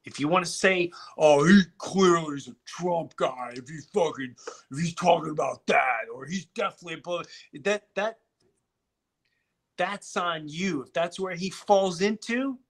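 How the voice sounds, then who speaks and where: A middle-aged comedian from Long Island tells stories in a casual chat. His voice is high and bright, and he swears freely as he talks. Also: normal speed. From Long Island, New York. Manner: animated, heavy swearing, restarts. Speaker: comedian guest.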